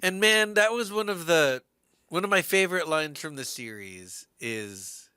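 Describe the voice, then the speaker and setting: A man's voice: on the high side, lively intonation, unhurried, pushed and bright, clear, resonant tone, no echo, clean studio sound. A man co-hosting a podcast, earnestly and animatedly recapping a TV show in casual chat. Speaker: podcast co-host.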